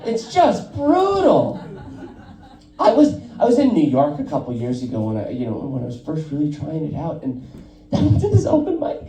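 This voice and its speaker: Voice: mid-range voice, wildly swooping pitch, normal speed, mellow, reverberant, distant mic, slight background noise, poor audio. A stand-up comedian telling loose, profane stories on a club stage and laughing at their own jokes. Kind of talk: stand-up set at an open mic.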